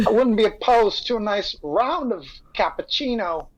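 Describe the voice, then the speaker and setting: A woman voicing a flirty male bear park ranger as a slow, drawling impression in a live comedic fanfic reading. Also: mid-range voice, lively intonation, a little hiss or hum, close to an everyday voice, low-quality recording.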